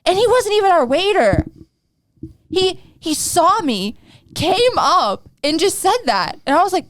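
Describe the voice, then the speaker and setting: A woman's voice: very high voice, big pitch swings, unhurried, dry recording, clean studio sound. A young woman co-hosting a podcast, telling stories in a chatty, giggly way with many restarts. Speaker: podcast co-host. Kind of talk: casual chat.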